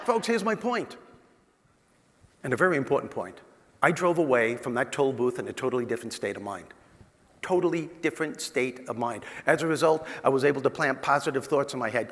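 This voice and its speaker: Punchy guy telling a funny story to a crowd, kinda high voice, long hall echo. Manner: animated, punchy, talks directly to the crowd. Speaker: motivational speaker. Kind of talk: humorous keynote storytelling to a live audience. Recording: long reverb of a large hall.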